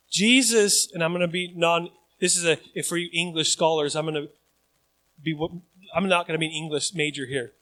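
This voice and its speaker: A man preaching a sermon as pastor, mixing chatty asides to the congregation with loud, emphatic calls. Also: a little high.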